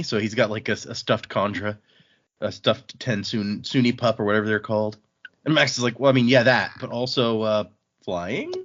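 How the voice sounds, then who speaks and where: A man co-hosting a podcast, recapping a book in a relaxed way with quoted lines. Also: on the low side, moderate pace. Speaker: podcast co-host. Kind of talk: casual book-club chat. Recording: muffled home mic.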